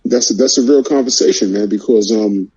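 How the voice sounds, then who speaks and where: A man's voice: fairly low pitch, fairly quick, dull audio, crowd noise. A man hosting a boxing talk show, fired up, repeating his words and firing off rhetorical questions.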